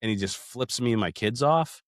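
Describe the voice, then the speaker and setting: A man's voice: medium pitch, expressive, moderate pace, no echo, studio quality. A man in his thirties co-hosting a casual podcast, talking in a profane, rambling way and calling everyone "dude". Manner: profane, rambling storyteller, calls listeners "dude". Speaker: podcast co-host.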